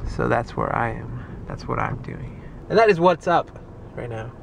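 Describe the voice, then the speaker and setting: A man's voice: medium pitch, animated, moderate pace, gravelly, poor audio. A man with a stuffy nose from allergies, chatting casually while he vlogs from his car and around town. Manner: rambling, offhand. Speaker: vlogger. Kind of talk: casual vlog chat. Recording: street and traffic noise. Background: traffic and city ambience.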